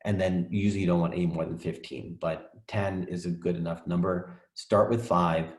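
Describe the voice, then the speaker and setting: Deep-voiced man teaching a coaching lesson. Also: steady tone, moderate pace, echoey room. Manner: enthusiastic, repeats "right?" and "literally". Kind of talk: recorded course lesson.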